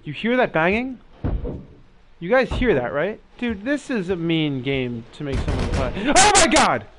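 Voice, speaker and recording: A man's voice: fairly high pitch, animated, unhurried, background noise. Jumpy young man reacting to a horror game. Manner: jumpy, swearing, talks to viewers. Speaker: gaming video host. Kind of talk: scared let's-play commentary.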